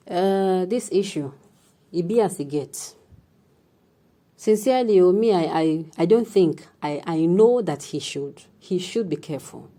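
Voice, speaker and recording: A woman with a Nigerian accent and a somewhat low voice presents news commentary. She reads steadily, then slips into a looser, chattier manner as she reads out viewers' comments. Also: warm tone.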